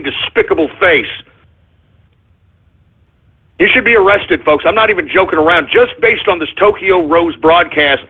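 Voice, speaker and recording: Male talk radio host, profane angry rant, husky high voice, tinny phone-like sound. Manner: ranting, profane, shouting in bursts; addresses listeners as folks and gives orders to the engineer.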